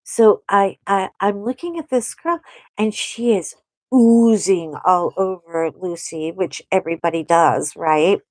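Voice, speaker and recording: A woman's voice: mid-range voice, unhurried, dry recording. Chatty woman telling a story. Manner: animated, chatty, acts out quotes. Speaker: host. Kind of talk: casual storytelling while drawing on a livestream.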